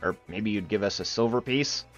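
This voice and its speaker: A man from Iowa, fairly low-pitched and a bit bright, narrates a tabletop game livestream as game master at a moderate pace, with no room sound in his voice. He rambles with many fillers and plays around with character voices, though the stream audio is muffled and carries faint music.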